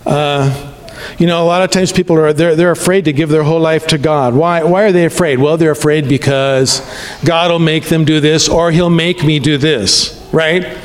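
A man's voice: fairly high pitch, fairly even intonation, moderate pace, long reverb tail. A man preaching a sermon as a pastor, talking in a conversational way and checking in with the congregation often.

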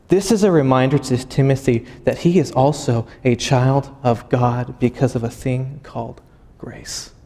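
A man's voice: mid-range voice, a little mellow. A man in his thirties giving a sermon, earnest and personal, often restarting his phrases. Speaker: pastor. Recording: hall with long reverb.

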